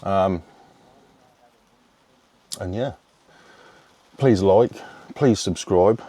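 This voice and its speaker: A man's voice: deep voice, dark tone, no room sound. A man, chatting casually to camera as a fitness coach, rambling and swearing freely. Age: 30s. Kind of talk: casual vlog chat.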